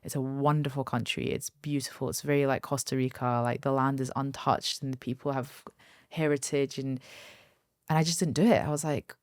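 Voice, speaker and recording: A woman's voice: very deep voice, steady tone, fairly quick, no echo. Candid woman in her thirties, dry sound. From Kurdistan, north of Iraq. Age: 30s. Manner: candid, emotional storytelling with acted-out quotes. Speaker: guest, aesthetics doctor. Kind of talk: podcast interview.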